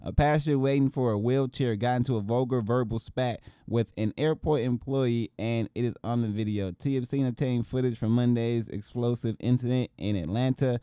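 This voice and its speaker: A man's voice: medium pitch, normal speed, hardly any pauses, warm tone, smooth, no echo, clean studio sound. A man hosting a casual show where he reacts to news clips, with profane, joking rants. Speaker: show host.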